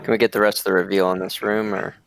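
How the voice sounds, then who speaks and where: A man's voice: low voice, flat delivery, very fast, creaky, crowd noise. A man playing an online tabletop game, carefully describing his character's actions in first person, with fillers. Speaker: player.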